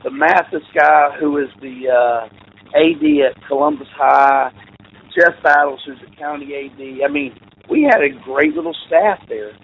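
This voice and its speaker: A man's voice: fairly high pitch, a little slow, vocal fry. A man, a football coach telling rambling stories in a casual chat. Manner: rambling anecdotes with laughs and restarts. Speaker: interview guest, football coach. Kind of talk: casual storytelling. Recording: tinny phone-like call audio with faint noise.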